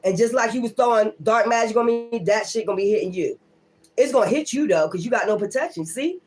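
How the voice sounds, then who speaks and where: A woman's voice: fairly high pitch, fast talker, music in the background. A woman who reads tarot and rants on a casual livestream, profane, blunt and emphatic, and she keeps repeating her defiant points. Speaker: tarot reader.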